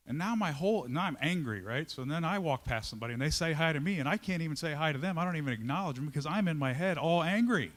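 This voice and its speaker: A man giving a storytelling talk to a live audience as a company leader, lively and conversational, checking in with his listeners and acting out his own inner voice. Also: fairly high pitch, fast, hardly any pauses.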